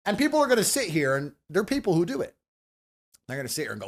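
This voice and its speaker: A man ranting forcefully and profanely in a heated podcast debate. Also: sits high, huge pitch swings, rapid-fire, gravelly. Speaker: podcast guest.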